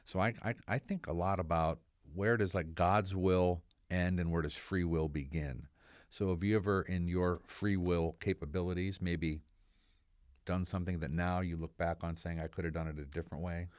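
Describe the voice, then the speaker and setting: A man's voice: low-pitched, steady tone, normal speed, no echo, studio quality. A male podcast host asking long reflective questions and affirming his guest. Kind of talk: interview conversation. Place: podcast studio.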